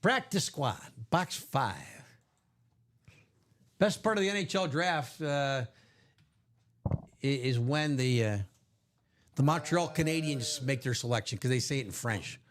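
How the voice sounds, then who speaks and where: A man hosting a live card break stream, upbeat and jokey, reading out names and spots quickly. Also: mid-range voice, lively intonation.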